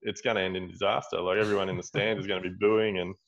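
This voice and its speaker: Australian man, fairly low voice, rambling casual storytelling, muffled lo-fi sound. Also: flat delivery, fast, a bit bright. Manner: rambling, many restarts and "like". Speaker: guest, builder running seminars.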